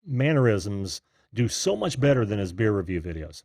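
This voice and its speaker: A man's voice: fairly low pitch, sing-song, a little mellow, no echo, studio quality. A man hosting a casual video call-in chat, laughing often. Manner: laughs often, drawn-out easy delivery. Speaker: host.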